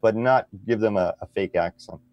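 A man's voice: fairly low pitch, normal speed, dry recording, highs cut off. A man speaking as a podcast guest, explaining at an easy pace and often tagging his sentences with "right?". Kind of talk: conversational interview.

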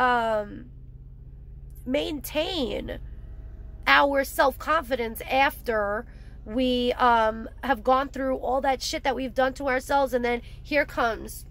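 Young woman vlogger, high bright voice, blunt and profane, heated rant. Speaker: vlogger, recovery specialist. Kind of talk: ranting vlog monologue.

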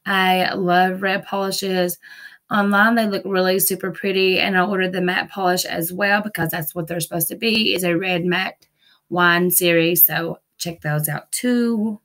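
A woman's voice: fairly low pitch, fairly even intonation, measured pace, fairly bright tone. A woman vlogging a nail-product haul from home, gushing and repeating herself with casual fillers. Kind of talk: casual haul video chat. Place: busy home with TVs and dogs.

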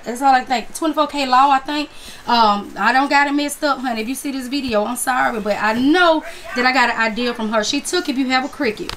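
Chatty woman, slightly high voice. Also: fairly quick, a bit bright, a little hiss or hum. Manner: chatty, calls viewers honey and y'all. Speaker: crafts vlogger. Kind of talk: casual chat to camera.

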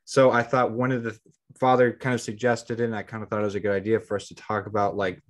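Man, podcast co-host, casual chat, fairly low voice, rambling, lots of "like", restarts sentences. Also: little pitch movement, fast talker, a little hiss or hum. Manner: rambling, heavy use of "like".

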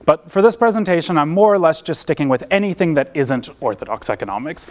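A man's voice: on the high side, expressive, quick pace. Young American male presenter, informal academic delivery, self-deprecating and chatty. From United States. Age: young adult. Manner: casual, self-deprecating, many fillers and restarts. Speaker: seminar presenter. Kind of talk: academic seminar talk. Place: lecture room.

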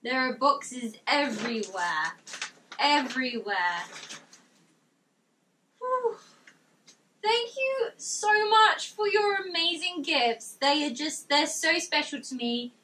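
A young woman with a high, bright voice gushes through an unboxing vlog, exclaiming with delight. She is set back a bit from the mic in her bedroom. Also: sing-song, unhurried, recorded from a distance. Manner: gushing, exclamatory, reads notes aloud. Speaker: vlogger.

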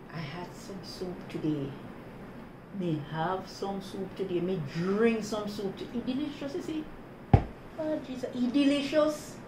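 A woman with a Jamaican accent casually teaching patois words, saying phrases in patois and then giving the plain English word. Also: lowish voice. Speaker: host. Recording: roomy with background noise.

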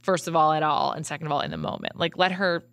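A woman host chatting casually on a podcast, animated and full of "like" fillers, into a studio mic. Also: sits low, quick pace, vocal fry, no echo. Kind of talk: casual chat.

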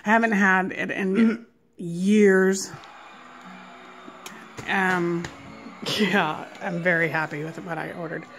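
A young woman at home feeding her son, filmed on a phone, switching between soft murmured questions and high cheerful praise. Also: steady tone, takes it slowly, long pauses, faint music behind. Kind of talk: casual home video chat.

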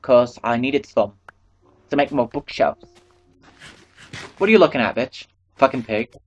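A man's voice: medium pitch, lively intonation, a little slow, highs cut off. A man giving casual let's-play commentary, rambling to himself and swearing freely. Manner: rambling, profane, talks to himself. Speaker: gameplay commentator.

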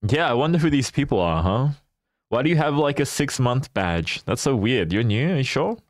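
A man's voice: mid-range voice, big pitch swings, moderate pace, no echo, studio quality. A man chatting casually with his viewers as a livestreamer, playful and teasing, often laughing.

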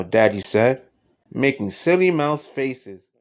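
Slow-reading man telling a bedtime story. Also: medium pitch, expressive, a little hiss or hum. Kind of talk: reading a children's picture book.

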